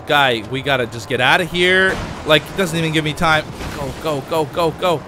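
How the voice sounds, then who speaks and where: Male gaming host, let's play commentary, jumpy and excitable, car engines and gunfire clearly heard underneath. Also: a little high, normal speed, hardly any pauses, noisy background. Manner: excitable, panicky exclamations under fire.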